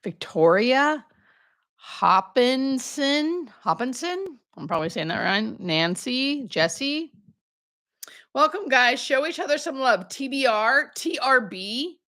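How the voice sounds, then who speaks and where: Her voice sits high, expressive and unhurried, with a pushed, bright quality. She's a hospice nurse in her thirties hosting a casual live Q&A, greeting viewers by name amid chatty, self-deprecating asides.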